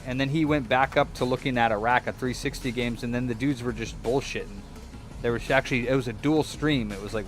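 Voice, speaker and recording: Rambling man telling a story at his repair bench. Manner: rambling storyteller, swears, mimics people in higher voice. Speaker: repair shop vlogger. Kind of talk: casual chat while repairing a controller.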